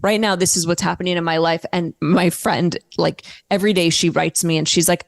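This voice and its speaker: A woman guest in a casual interview, talking candidly and telling stories in a lively way, with the odd swear word. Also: fairly low pitch, fairly quick, few pauses.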